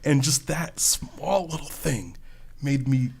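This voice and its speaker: A man co-hosting a podcast, chatting casually about a game. He sounds animated and laughs easily, his sentences full of "like" and restarts, in an ordinary middle-pitched voice. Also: slow pace, gravelly, slightly rough. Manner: animated, laughing often, heavy use of "like". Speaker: podcast co-host. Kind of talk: casual chat.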